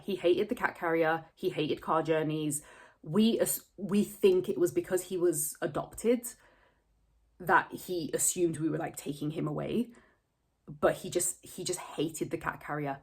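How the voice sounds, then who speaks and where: A woman's voice: low voice, unhurried, husky. A woman, telling a personal story to camera close to tears, candid and rambling, swearing freely. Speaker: vlogger.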